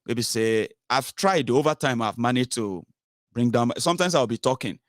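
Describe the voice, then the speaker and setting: Animated Nigerian man ranting on camera. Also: mid-range voice, normal speed, no room sound, studio quality. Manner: animated, mixes Pidgin and Yoruba phrases. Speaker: political commentator. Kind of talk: casual ranting monologue.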